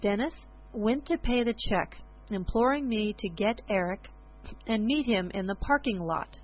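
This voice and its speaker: A woman's voice: medium pitch, unhurried, highs cut off. Woman reading a personal story.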